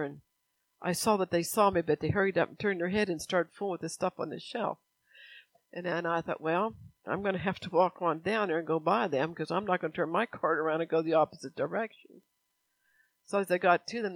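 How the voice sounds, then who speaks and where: A woman's voice: medium pitch, no room sound, rough recording. A woman preacher delivering a conversational sermon, reading scripture and telling personal stories.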